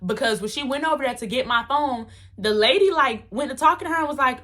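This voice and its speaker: Casting: young woman, bright and lively, dramatic storyteller with casual slang. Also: high voice, very fast. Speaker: vlogger. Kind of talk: storytime vlog.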